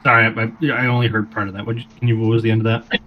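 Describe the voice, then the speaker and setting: A man narrating a tabletop game as game master, describing the scene in steady, descriptive terms. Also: on the low side, racing, lo-fi sound.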